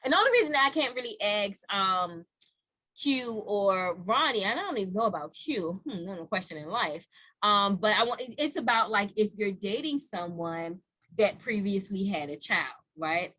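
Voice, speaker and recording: A woman hosting a podcast, a parent talking in a blunt, profane, animated way in casual chat. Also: medium pitch, normal speed. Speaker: podcast host.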